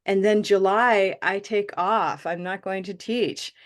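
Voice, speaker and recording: A woman leads an online pronunciation class, speaking through a video call mic. She praises her students warmly and stretches out vowel sounds so they can copy them. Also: mid-range voice, fairly even intonation. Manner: encouraging, models vowel sounds slowly. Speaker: pronunciation teacher.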